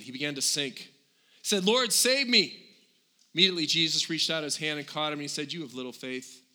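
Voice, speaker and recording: An older man preaching a sermon as pastor, animated and swinging between loud and quiet. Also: medium pitch.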